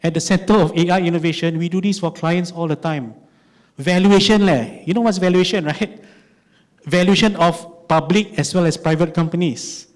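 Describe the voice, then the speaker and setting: A man in his forties with a Malaysian English accent, giving an animated conference talk, telling stories and asking rhetorical questions. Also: high-pitched, moderate pace. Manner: animated storytelling, lots of rhetorical "right?". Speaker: conference speaker.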